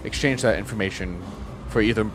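A man playing a tabletop game, talking in a halting way. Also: lowish voice, noisy background. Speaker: player. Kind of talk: casual tabletop play.

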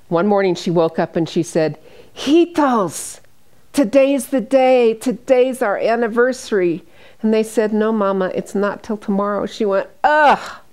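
Older american woman, hospice nurse, anecdotal storytelling, quotes people in little voices, fairly low voice. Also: darkish tone. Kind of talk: storytelling presentation.

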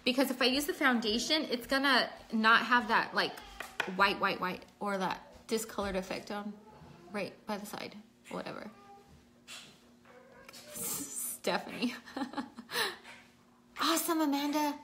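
A woman's voice: a little high, expressive, measured pace, long pauses, background noise. A woman hosting a casual livestream makeup tutorial at home, chatting and reading out viewers' names while she works. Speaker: makeup vlogger.

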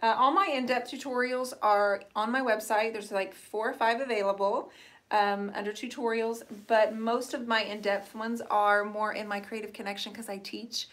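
A woman's voice: mid-range voice, steady tone, normal speed, fairly bright tone. A middle-aged woman hosting a live painting stream, chatting casually and answering viewers. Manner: chatty, rambling, reads out viewer comments. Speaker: host of a live painting show.

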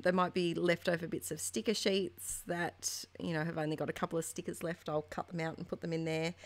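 A woman in her thirties chatting casually and warmly about her scrapbooking as a voice-over, meandering from one thought to the next. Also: fairly low pitch. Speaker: craft vlogger.

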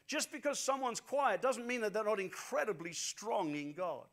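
A man's voice: sits high, moderate pace, a bit bright. A man preaching a sermon, telling stories animatedly and repeating phrases for emphasis. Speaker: pastor.

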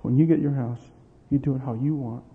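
A middle-aged pastor with a mid-range voice preaches a little fast and tells family stories, acting out quoted dialogue in energetic bursts and laughing as he goes. The recording is tinny and lo-fi, with a long hall reverb.

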